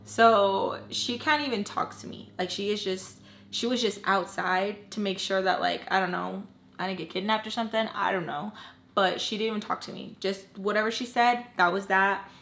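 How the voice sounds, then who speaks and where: A woman telling a personal storytime, candid and blunt, swearing freely and dropping low and quiet at emotional moments. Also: steady tone, normal speed, gravelly, a little hiss or hum. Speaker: storytime vlogger. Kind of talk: casual storytelling.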